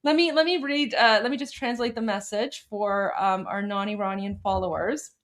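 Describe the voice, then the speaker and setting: A woman's voice: mid-range voice, steady tone, normal speed, a bit bright. A woman from Iran co-hosting a live stream, chatting with emotion and then reading a translated message aloud. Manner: emotional, speaks with repeated restarts.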